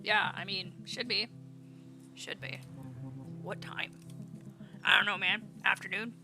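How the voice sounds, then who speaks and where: A woman's voice: medium pitch, slow pace, gravelly, over music. A woman streamer reading a game's dialogue aloud in her own casual voice, adding light commentary as she plays. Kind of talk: reading game dialogue aloud while playing. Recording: steady background noise.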